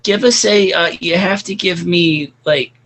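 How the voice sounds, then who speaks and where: A man in a casual podcast chat, hesitant and halting, with many fillers. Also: sits high, a bit bright, rough recording.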